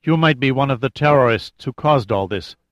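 A man playing a husky, defiant woman. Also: medium pitch, a little fast, no echo, highs cut off, natural voice. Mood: controlled. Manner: testy, demanding, controlled.

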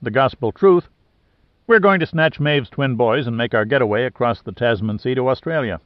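A man reading the part of a cool, offhand male adventurer who stays calm in danger. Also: mid-range voice, normal speed, no echo, natural voice. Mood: wry. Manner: laid-back, offhand. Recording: dry, slightly dull lo-fi sound.

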